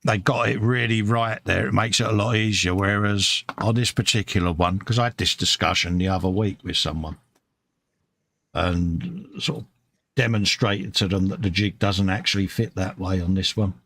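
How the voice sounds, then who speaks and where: A man's voice: fairly low pitch, moderate pace, gravelly, fairly bright tone, a little hiss or hum. A British man co-hosting a casual live stream from his hobby workbench, chatting and reading viewer comments aloud, calling everyone mate. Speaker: live show co-host.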